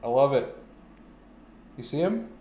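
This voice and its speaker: A young man in his twenties, streaming casually and answering chat questions, joking and swearing freely, sometimes shouting. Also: medium pitch, expressive, a little slow, a little hiss or hum.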